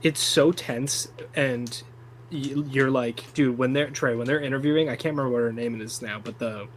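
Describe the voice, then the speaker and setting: A young man co-hosts a casual film chat in an even mid-range voice. He rambles with enthusiasm and swears freely. A faint hum sits under the recording. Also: medium pitch, moderate pace, rough recording. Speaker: podcast co-host.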